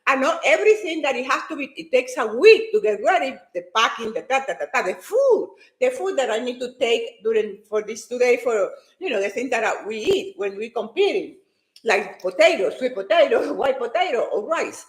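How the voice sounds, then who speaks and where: A woman telling a personal story with excitement, talking fast and restarting her sentences as she goes. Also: fairly high pitch. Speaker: fitness and motivation speaker. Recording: echoey room.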